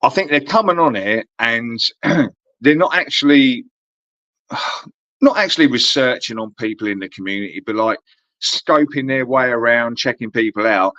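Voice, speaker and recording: Bloke ranting to a mate, swears loads, dull dry recording, voice in the middle range. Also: male voice, medium pitch, normal speed, no room sound. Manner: swears a lot, rambling and animated. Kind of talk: casual chat.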